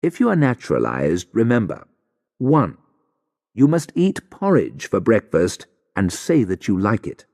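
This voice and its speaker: A man reads a graded English story aloud in a clear, deliberate manner, letting his pitch rise and fall in an animated way. He sometimes slows down to stress key words. The recording carries a long, lingering reverb. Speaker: narrator. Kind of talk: scripted audiobook narration for English learners.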